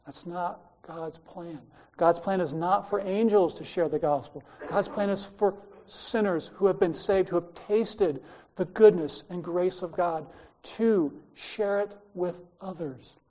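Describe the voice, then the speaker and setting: Australian preacher with a mellow voice. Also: male voice, high-pitched, unhurried, highs cut off. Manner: conversational storytelling, wandering asides. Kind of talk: sermon with personal stories.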